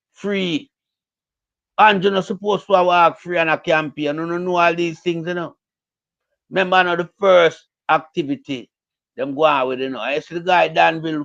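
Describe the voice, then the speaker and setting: A man with a Jamaican accent rants heatedly about politics, circling back over his points and slipping in and out of Patois. His voice sits a little high for a man. The recording sounds dull and lo-fi. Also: vocal fry, fairly bright tone. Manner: heated, repetitive, speaks Jamaican Patois mixed with English. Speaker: political commentator. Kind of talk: casual political rant.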